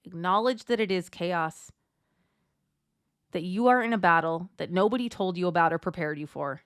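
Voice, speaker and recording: A woman's voice: lowish voice, moderate pace, clear, resonant tone, no echo, clean studio sound. A woman life coach, likely in her thirties, giving a direct, encouraging talk to mothers. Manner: encouraging, direct, addresses listener as friend. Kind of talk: motivational talk to listeners.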